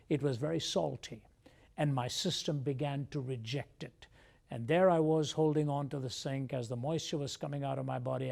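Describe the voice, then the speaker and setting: Earnest gravelly-voiced man. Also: medium pitch, darkish tone. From India. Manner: measured, earnest storytelling. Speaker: guest. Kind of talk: telling his life story in a TV interview.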